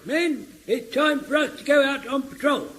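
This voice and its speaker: An eager, excitable elderly corporal in an old radio comedy. His voice sits very high. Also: normal speed, a little hiss or hum.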